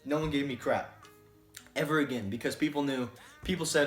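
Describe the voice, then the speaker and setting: A man telling a personal story to camera in a casual, animated and profane way, often checking in with "right?". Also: mid-range voice, a little fast. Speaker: vlogger. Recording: roomy echo, faint music.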